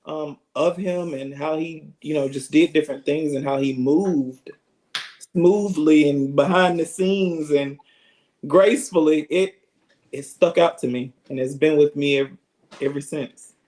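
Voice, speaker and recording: A man's voice: a little high, unhurried, a little mellow, poor audio. A man with an Alabama accent, answering interview questions about his work as a businessman in funeral service, earnest and reflective.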